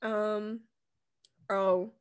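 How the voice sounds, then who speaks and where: A young woman co-hosting a casual podcast, telling stories in a giggly, animated way and acting out what people said. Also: mid-range voice, very slow, clean tone. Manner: giggly, animated storytelling with acted quotes. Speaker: podcast co-host. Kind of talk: casual chat.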